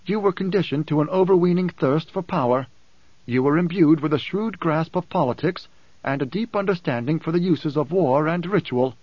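A man voicing a calm, cryptic male advisor who lectures in a measured, composed way, in an audiobook. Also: a little high, dry recording, voice pushed up, lightly acted. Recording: dull dry close recording.

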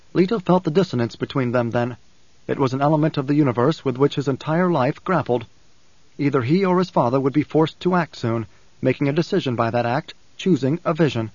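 A man narrating an audiobook in a measured, even reading. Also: mid-range voice, no room sound, highs cut off. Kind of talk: scripted narration.

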